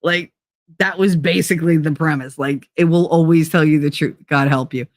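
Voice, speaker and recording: A woman's voice: low-pitched, steady tone, normal speed, dry recording, clean studio sound. Blunt, salty-tongued woman host. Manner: blunt, profane, laughs often. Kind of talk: casual storytelling chat.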